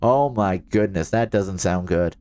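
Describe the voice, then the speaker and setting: A man's voice: sits low, unhurried, darkish tone, smooth. A man streaming a video game, joking around and reading in-game documents aloud. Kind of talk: casual gameplay commentary.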